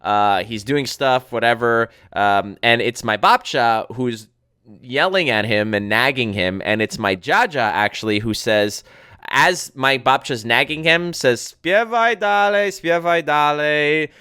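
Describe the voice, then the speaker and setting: A man co-hosting a casual podcast, telling stories in an animated way, laughing often and mimicking people. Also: mid-range voice, measured pace, smooth, no echo, studio quality. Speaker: podcast co-host. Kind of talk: casual chat.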